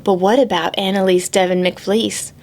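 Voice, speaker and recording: A woman librarian reading a picture book aloud to preschoolers, expressive and animated, sometimes dropping to a whisper. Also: mid-range voice, normal speed, vocal fry. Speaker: children's librarian.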